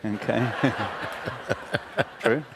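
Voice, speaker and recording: A man's voice: mid-range voice, drawn-out words, vocal fry, noisy background. A man in his fifties with an Australian accent, a guest on stage telling blunt, wry anecdotes and mimicking the people he quotes. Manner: animated storyteller, mimics others, wry and blunt. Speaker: interview guest, former prime minister. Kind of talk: candid anecdotal conversation on stage. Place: stage at a talk venue.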